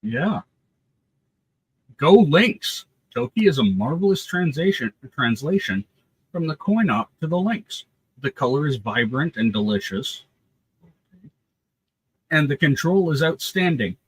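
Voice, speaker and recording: A man reads old game magazine reviews aloud as a guest on a stream, lively and relishing the words. His voice is husky and slightly breathy, and the recording is dry with no room sound. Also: a little high, unhurried, pauses often, no echo, low-quality recording. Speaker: guest co-host.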